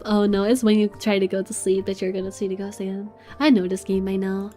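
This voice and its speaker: A woman's voice: mid-range voice, fairly even intonation, brisk, warm tone. A woman streamer making giggly, self-mocking asides while playing a game, with faint game music behind. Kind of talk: casual commentary while playing.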